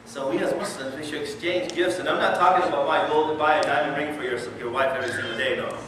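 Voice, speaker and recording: An Islamic lecturer delivers a sermon in a conversational, animated way, frequently putting questions to his audience. His voice is a little high and he talks fast, recorded from far off in an echoey, noisy hall.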